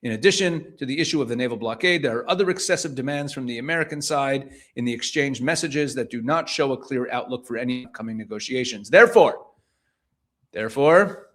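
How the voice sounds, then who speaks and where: A man's voice: medium pitch, animated, fairly quick, fairly bright tone. A man reading news items aloud and commenting on them, paraphrasing each passage pointedly and asking rhetorical questions.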